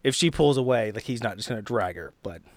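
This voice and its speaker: A man's voice: lowish voice, expressive, quick pace, no echo. A man playing a tabletop role-playing game, thinking aloud about his character with hesitant restarts. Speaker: player. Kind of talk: tabletop role-play, casual.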